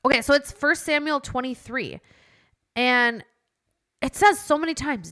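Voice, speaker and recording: A woman hosting a podcast, telling a personal faith story in an animated, chatty way that turns emotional at times. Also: high voice, measured pace, pauses often. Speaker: podcast host.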